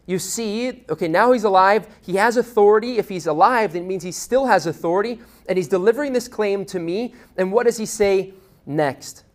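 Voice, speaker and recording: A man preaching a sermon as a pastor, animated, getting loud and quick when he tells a story, with restarts. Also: high-pitched. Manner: animated, grows loud and fast in stories, with restarts.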